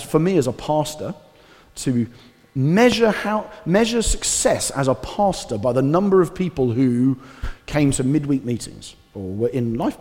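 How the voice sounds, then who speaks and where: Conversational pastor preaching in a hall. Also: male voice, mid-range voice. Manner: conversational, animated preaching with asides. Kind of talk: sermon. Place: church hall. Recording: reverberant church hall.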